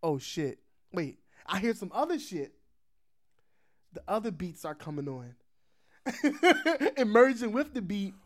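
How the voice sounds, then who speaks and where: Man, podcast host, casual storytelling, animated, laughs a lot, swears freely. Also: high voice, takes it slowly, long pauses.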